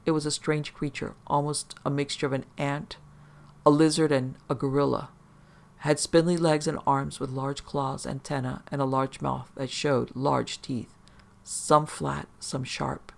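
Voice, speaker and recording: A man narrating a first-person horror story in a steady, measured way. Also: medium pitch, creaky.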